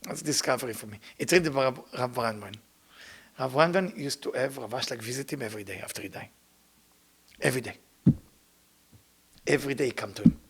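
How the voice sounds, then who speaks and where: A man giving a spiritual lecture as a Kabbalah teacher, speaking non-native English with broken grammar. He acts out the people he quotes and sometimes drops to a hush. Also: medium pitch, fairly quick, creaky, long pauses, breathy edge.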